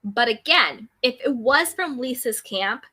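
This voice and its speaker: A woman's voice: a little high, animated, unhurried, pushed and bright, slightly rough. A woman hosting a casual live chat, reading viewer comments aloud and answering them. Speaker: YouTube recap host reading live chat.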